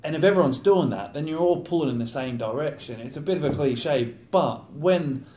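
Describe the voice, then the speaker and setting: A man's voice: a little high, animated, normal speed, a little mellow. A thirty-year-old man, a professional footballer, chatting casually in an interview and acting out his teammates' banter. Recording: roomy echo.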